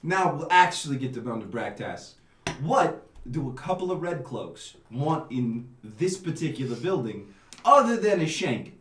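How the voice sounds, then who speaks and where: A man putting on a young, guarded street tough with a thick put-on Italian American accent, gruff and swearing freely. He sits a little higher than most men, and his lines swing up and down. The sound is roomy and comes from away from the mic. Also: sing-song, unhurried, a bit bright, recorded from a distance, a little hiss or hum.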